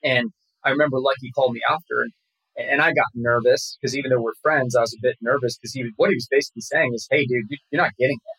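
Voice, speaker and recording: A man appears as an actor guest in an interview, talking casually in a rambling, relaxed way full of fillers and restarts. His mid-range voice is husky and fast, and the recording is dry with poor audio.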